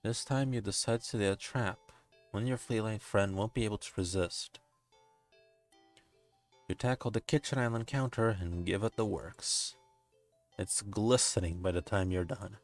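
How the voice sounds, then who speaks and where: A man with a low voice reads a text game's narration aloud for his stream. He keeps slipping into giggles and swearing asides between passages. Soft music plays faintly beneath him. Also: moderate pace. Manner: breaks into giggles and profane asides. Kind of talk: reading a text game aloud with commentary.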